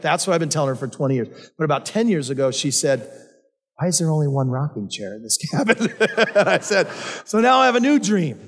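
A male pastor preaching a sermon, telling personal stories in a conversational way. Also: fairly high pitch. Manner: conversational storytelling. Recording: long reverb of a hall.

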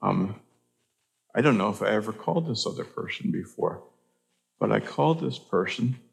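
Older man, pastor. Gravelly, fairly low. Earnest, halting sermon delivery. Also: expressive. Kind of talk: sermon storytelling.

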